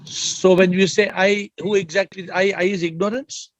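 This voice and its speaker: A man's voice: sits high, fairly even intonation, normal speed, low-quality recording. A man hosting an online spiritual question session on a video call, probing the participants and repeating his questions with light jokes.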